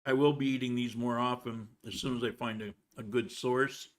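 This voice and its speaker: Guy rambling on his home livestream, chatty, mid pitch, sometimes talking while eating. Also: fairly even intonation, moderate pace. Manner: rambling, chatty, with frequent restarts. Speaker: livestream host. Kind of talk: casual livestream chat. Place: home in Colombia.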